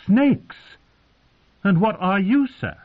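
A man reading aloud, voicing a proud, wounded young queen who asks sharp, accusing questions, heard through narrow phone-like sound. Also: on the high side, expressive, normal speed, voice pushed up. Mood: interrogating.

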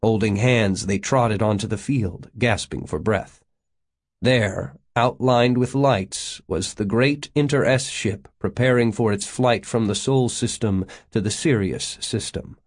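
A man narrating an audiobook in a steady, measured way. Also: lowish voice, slightly rough. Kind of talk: audiobook reading.

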